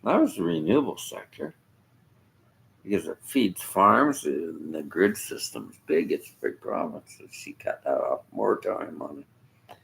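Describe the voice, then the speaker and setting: A man's voice: low-pitched, lively intonation, moderate pace, creaky, fairly bright tone, rough recording. A man rambling through a combative, blunt political rant aimed at his viewers. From Canada.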